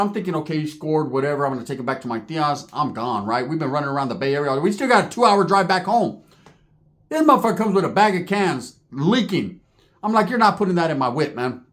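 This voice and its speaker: A man telling a comedic story in slangy street talk, acting out the people in it. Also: on the high side. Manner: slangy, animated, acts out other characters' voices.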